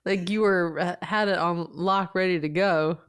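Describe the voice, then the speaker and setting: A woman co-hosting a podcast, in casual chat with quick, playful interjections. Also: on the low side, fairly even intonation, smooth. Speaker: podcast co-host.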